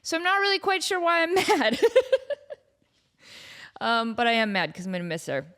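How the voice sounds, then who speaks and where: A woman's voice: fairly high pitch, big pitch swings, normal speed, sharp tone. A woman hosting her own podcast, chatting casually in a playful, self-mocking way with rambling asides. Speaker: podcast host. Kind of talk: casual solo chat.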